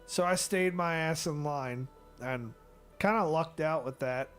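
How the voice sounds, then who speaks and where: A man with a high, light voice tells a story as a streamer, swearing constantly and getting worked up in animated, exasperated bursts. Faint music plays softly behind him. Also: a little slow. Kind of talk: ranting comedic storytelling.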